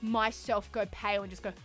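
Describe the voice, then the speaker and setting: A young adult woman streamer telling a story to her chat in an animated, swear-heavy way, often laughing. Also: fairly high pitch. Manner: animated, profanity-laced, laughs through the story.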